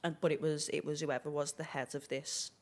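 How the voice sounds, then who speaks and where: Brief: young woman, slightly low voice, chatty matter-of-fact storyteller, guest on a chat show. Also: flat delivery, fairly quick. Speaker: podcast guest, exorcist. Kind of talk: casual chat.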